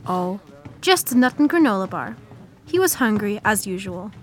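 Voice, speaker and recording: A woman's voice: mid-range voice, sing-song, moderate pace, lightly acted. Woman playing a kind schoolgirl. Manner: gentle, reassuring. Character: kind sensible schoolgirl Blossom.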